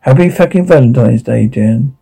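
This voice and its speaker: Man doing a menacing captor guard, dark audio drama, mocking, rage-prone, dark husky tone. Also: medium pitch, lively intonation, moderate pace, soft background music, voice pushed down, low-quality recording. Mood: leering. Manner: taunting, mocking, veers into rage. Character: menacing obsessive male security guard captor.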